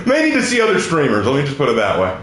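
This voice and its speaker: A man's voice: medium pitch, huge pitch swings, rapid-fire, fairly bright tone. A man streaming a game, bantering and teasing in a casual joking way, cursing freely. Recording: echoey room, faint noise.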